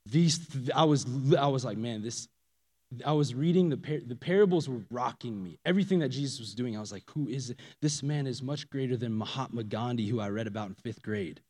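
A man giving a casual, animated personal testimony to a church audience, swinging from loud emphasis to hushed asides. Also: medium pitch, fairly quick. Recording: long reverb of a large hall.

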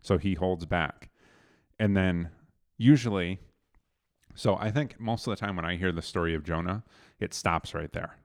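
A man with a very low voice retells a Bible story in a casual group chat. His delivery is animated, and he puts scripture into everyday words. The sound is dry and close. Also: moderate pace, no echo. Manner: animated retelling, paraphrasing scripture in plain speech.

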